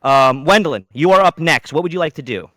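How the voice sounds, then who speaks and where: A man running a tabletop game as game master, narrating dramatically with sudden loud outbursts. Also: fairly high pitch, animated, fast, dry recording.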